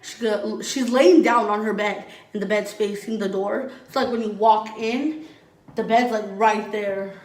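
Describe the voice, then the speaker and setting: A young adult woman vlogger tells her own story, speaking candidly and bluntly with heavy swearing and frequent use of "like." Her voice is medium-pitched, steady in tone, and measured in pace, heard from a distance in an echoey room.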